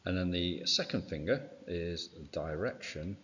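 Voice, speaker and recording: Male science teacher, very low voice, muffled reverberant recording, casual revision walkthrough. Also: expressive, measured pace, a bit bright, slight background noise. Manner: informal, fills with "right" and "okay". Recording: dull sound with long reverb.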